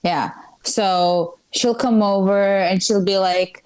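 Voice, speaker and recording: A woman's voice: mid-range voice, fairly even intonation, takes it slowly, a little mellow, clean tone, poor audio. A woman performing a live stand-up set at a comedy club, rambling and self-deprecating with many fillers and restarts.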